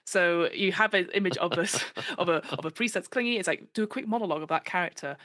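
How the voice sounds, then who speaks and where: A woman guest on a podcast chatting casually, animated and given to acting out the voices she quotes, with plenty of fillers. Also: on the low side, fast, dry recording.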